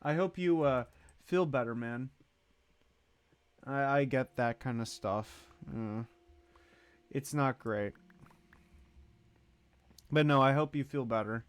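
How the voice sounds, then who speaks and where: Man, livestream host, casual rambling chat, dry close sound, mid pitch. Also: slow, long pauses, smooth, no room sound. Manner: rambling, greets and thanks chatters.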